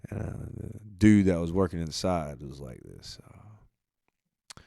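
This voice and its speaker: A man hosting a podcast, telling a rambling, profane story in a laid-back way, his voice often trailing off quietly at the end of phrases. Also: low-pitched, big pitch swings, takes it slowly, gravelly, no room sound, studio quality. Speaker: podcast host. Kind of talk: casual monologue.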